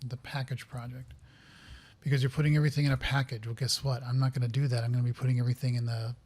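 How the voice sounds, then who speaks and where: A man talking casually to viewers as he sets up a software project, rambling, thinking aloud and getting flustered by interruptions. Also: mid-range voice, little pitch movement, fast talker. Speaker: software developer streaming a coding session. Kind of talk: casual live-coding commentary.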